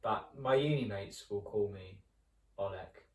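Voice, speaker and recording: A young man, co-hosting a podcast in relaxed, laughing banter. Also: lowish voice, a little slow. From Essex, England. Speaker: podcast co-host. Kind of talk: casual chat. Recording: roomy sound from a distant mic.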